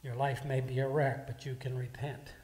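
A man preaching a sermon as pastor, earnest, swinging between loud rises and hushed drops. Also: medium pitch, flat delivery, moderate pace, a little hiss or hum. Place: church sanctuary. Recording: echoey church hall.

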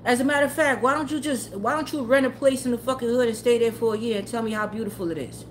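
A woman's voice: fairly high pitch, quick pace, a little hiss or hum. Blunt, profane woman ranting to her chat. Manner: blunt, profane, heated, often laughing. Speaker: tarot livestreamer. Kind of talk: profane casual rant to live chat.

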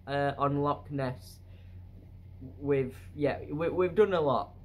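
A man's voice: a little high, slow pace. A man from England chatting to camera in a travel vlog, rambling with fillers and asides from a hotel room. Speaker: travel vlogger. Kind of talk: casual vlog chat to camera.

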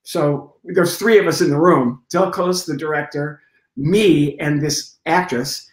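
A man's voice: a little high, unhurried. Middle-aged man telling stories in an echoey room. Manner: lively storyteller, acts out scenes and sound effects. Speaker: guest comedian. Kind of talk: storytelling in a conversation. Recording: roomy echo.

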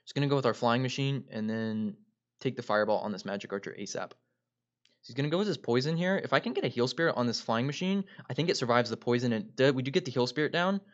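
A man's voice: mid-range voice, lively intonation, fast. Guy doing upbeat game commentary, talks to viewers a lot, kinda dull lo-fi audio. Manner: upbeat play-by-play, keeps addressing viewers. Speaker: gaming video creator. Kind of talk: gameplay commentary.

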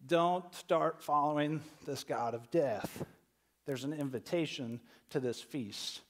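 A pastor delivers a sermon in a conversational way, often doubling words as he starts a thought. His voice sits a little higher than most men's. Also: slow. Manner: conversational preaching, repeats words when starting phrases.

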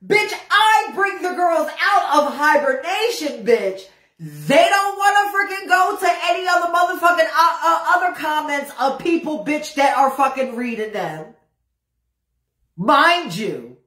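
Loud-mouthed woman on a live stream, high voice, cussing and repeating herself, echoey room. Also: lively intonation, measured pace. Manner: brash, profane, repeats phrases for emphasis. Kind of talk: unscripted livestream rant.

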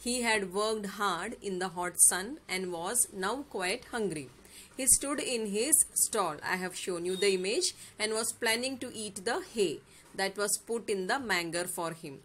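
A woman's voice: medium pitch, a bit bright. A woman teacher with an Indian English accent, reading a fable aloud and patiently explaining each word to her students. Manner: patient, explains words slowly, asks "yes or no?". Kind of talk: classroom story explanation lesson.

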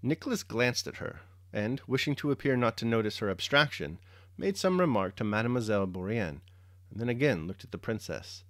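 A man reading a classic novel aloud chapter by chapter, then giving a measured spoken reflection in a steady, articulate way. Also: mid-range voice, no room sound, studio quality. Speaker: audiobook reader and commentator. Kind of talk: measured audiobook narration and reflection.

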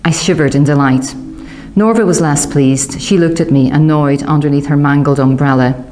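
A woman reading a novel aloud, giving the characters lively raised voices. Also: low voice, moderate pace. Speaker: audiobook narrator. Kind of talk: audiobook reading.

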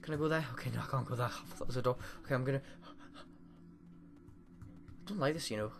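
A man's voice: mid-range voice, fast, creaky, fairly bright tone. A man giving let's play commentary into a desk mic, swearing and yelping at scares while reading game text aloud. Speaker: gamer.

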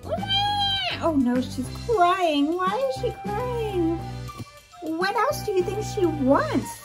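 A woman's voice: very high voice, big pitch swings, slow pace, over loud music, voice pushed up, heavily acted. A woman playing a bubbly cartoon dog mom babysitting, sing-song. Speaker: toy play host. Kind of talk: pretend play with toys.

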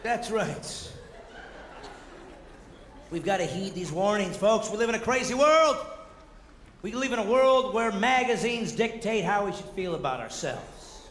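A man performing energetic, mocking stand-up comedy on stage, acting out the voices he quotes. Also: high voice, unhurried, pauses often. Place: theater stage before a live audience. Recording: roomy hall with audible audience noise.

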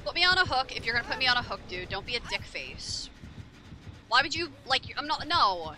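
A woman's voice: on the high side, very animated, a little fast, bright, forceful tone. A woman streaming a horror game, casually commenting, irritable and swearing a lot as she talks to herself and her chat. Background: game music.

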